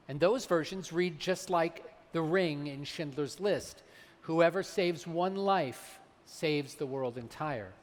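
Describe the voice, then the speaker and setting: A man, a rabbi, delivering a holiday sermon, slowing down and weighing his words when he quotes sacred texts. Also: sits high. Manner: measured, slows for emphasis on quoted texts. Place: large synagogue sanctuary. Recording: long hall reverb.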